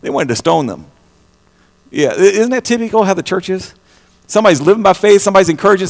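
Preacher, man, fervent sermon delivery with stammered repeats, slightly raised pitch, echoing church acoustics. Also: expressive, quick pace, gravelly, long pauses. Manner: impassioned, repeats words, swings from loud to hushed. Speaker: pastor.

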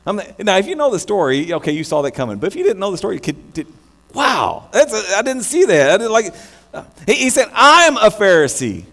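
High-voiced American pastor in echoing hall. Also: male voice, fast talker, vocal fry. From United States. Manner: animated, many restarts and stammers. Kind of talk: sermon. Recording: long hall reverb with mains hum.

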